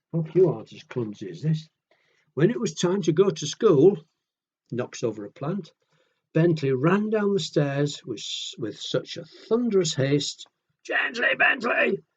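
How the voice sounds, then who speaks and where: A man reading picture books aloud to children in a gentle, chatty way, often asking the listener questions. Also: mid-range voice, slightly rough, highs cut off. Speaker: children's storyteller.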